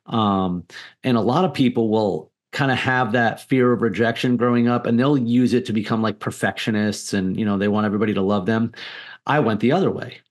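A man's voice: on the low side, brisk. Blunt, profane man telling his story. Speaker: podcast guest. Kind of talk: candid personal storytelling.

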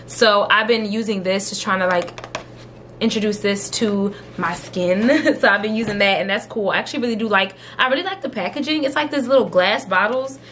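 A woman's voice: medium pitch, brisk, a bit bright, slight background noise. A young woman chatting casually at home as a beauty vlogger, giggly and full of fillers like "like" and "um". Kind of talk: casual vlog chat. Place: at home, indoors.

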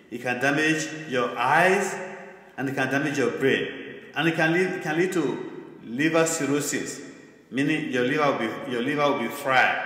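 A male pastor preaching with emphasis, doubling words as he drives his points home. His voice sits a bit high for a man, and a long reverb trails after him in a large hall. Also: fairly bright tone. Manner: emphatic, repeats words for stress. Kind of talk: sermon.

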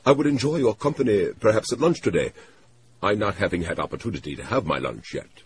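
A man's voice: on the low side, expressive, fast talker, slight background noise, pitched above the performer's own voice, close to an everyday voice. A man voicing a formal, anxious middle-aged trade official who speaks in stiff, overly polite phrasing.

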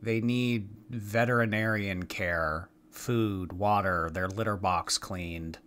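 A man's voice: fairly low pitch, slow pace, a bit bright, slight background noise. A man giving sarcastic reaction commentary, mocking what he watches. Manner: snarky, mocking.

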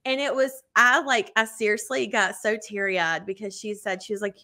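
A woman co-hosting a podcast, chatting casually and telling animated stories full of "like" and "you know", acting out quotes in bigger voices. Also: moderate pace, few pauses. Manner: animated storytelling, acts out quotes with big pitch jumps; many fillers like "like" and "you know". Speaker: podcast co-host. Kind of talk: casual chat.

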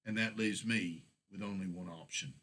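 A man reading the lines of a gruff male dwarf soldier in steam-powered armor, blunt and exclaiming. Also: low voice, moderate pace, a bit bright. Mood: defiant.

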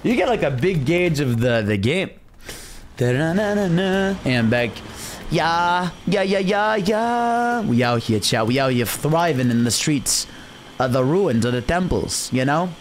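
A young man streams a game from his own room and talks the whole time in a lively, swooping voice. He rambles to his chat, hums little tunes and hypes himself up between moves. A faint background hum sits under his voice. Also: mid-range voice, a little slow. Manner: chatty, hyped, hums and cheers to himself. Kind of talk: casual gameplay commentary.

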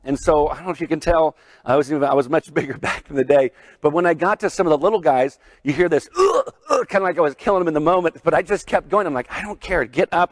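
A man preaching in a chapel, with a voice a touch higher than most men's. He tells stories in an animated way and laughs often, and his voice sounds close to the mic and dry. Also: no room sound. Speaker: pastor. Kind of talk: sermon.

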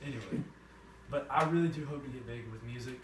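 A teenage man being interviewed, talking casually with loud, profane jokes and fast rambling. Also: medium pitch. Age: teens. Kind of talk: casual chat. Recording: roomy, distant, noisy.

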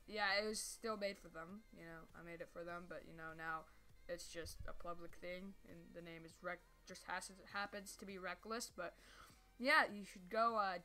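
A woman giving casual live gameplay commentary who rambles, gets sidetracked, stumbles over her words and breaks into sudden yelps. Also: mid-range voice. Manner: sudden excited yelps and squeals. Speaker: gameplay streamer.

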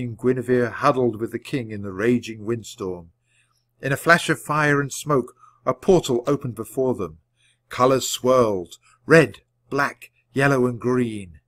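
A man narrates a children's book aloud in a measured, clear reading voice. His pitch sits in an ordinary middle range, and he keeps a steady natural pace for listeners learning the language. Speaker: audiobook reader. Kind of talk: storybook narration read aloud.

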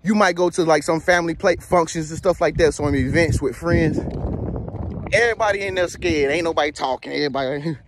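A man giving a casual motivational talk, animated and slangy, joking as he tells stories. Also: on the high side, brisk, a little hiss or hum. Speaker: motivational vlogger.

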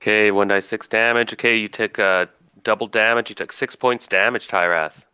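A man's voice: on the low side, fairly even intonation, moderate pace, bright, forceful tone, clear, resonant tone, no room sound. A man running a tabletop game as game master, casually narrating combat and thinking aloud over dice rolls.

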